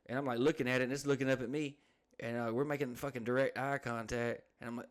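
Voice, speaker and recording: A man's voice: mid-range voice, fairly even intonation, fast talker. A man co-hosting a podcast who tells crude, rambling stories, swears constantly and acts out the people in them. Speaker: podcast co-host. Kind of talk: crude casual storytelling.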